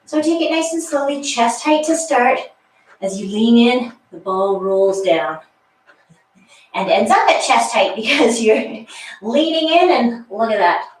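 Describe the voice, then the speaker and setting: Slightly winded, a woman runs a guided workout, calling out rep counts and tossing in chatty remarks. Her fairly high voice is animated yet unhurried. The far-off mic catches the echo of the exercise room, which has a wall.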